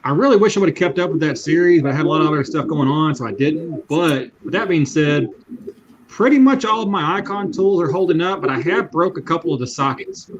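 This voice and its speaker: A man's voice: on the high side, animated, brisk, muffled recording, a crowd in the background. A man in casual livestream chat, telling stories in an easygoing way and drawing out his words. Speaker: YouTube mechanic, guest on livestream.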